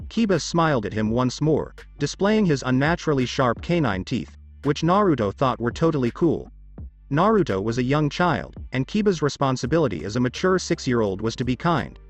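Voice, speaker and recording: A man's voice: mid-range voice, big pitch swings, moderate pace, soft background music. A man reading a story as scripted narration, with small shifts of voice for quoted children.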